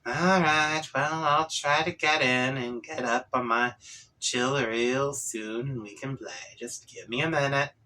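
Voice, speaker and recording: A man voicing a spaced-out, mellow male troll who talks in a slow, sleepy drawl. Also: mid-range voice. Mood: drowsy.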